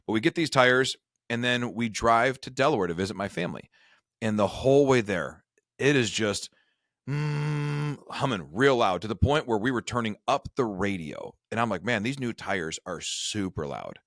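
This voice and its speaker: A man's voice: medium pitch, animated, moderate pace, fairly bright tone, no echo, clean studio sound. A middle-aged man hosting a retirement show, telling a chatty, self-deprecating story in a casual conversation. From Michigan. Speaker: retirement advisor and show host.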